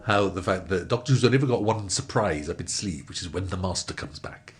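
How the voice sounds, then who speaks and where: A middle-aged man talking as a guest screenwriter, enthusiastic and gushing with quick bursts of excitement. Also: low-pitched, slightly rough. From Wales. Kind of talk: casual chat.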